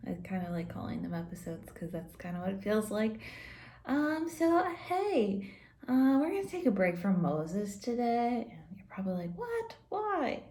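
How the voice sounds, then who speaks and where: A woman teaching Sunday school who reads a silly picture book aloud to children, playful and quick to giggle. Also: medium pitch, sing-song, warm tone. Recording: roomy echo.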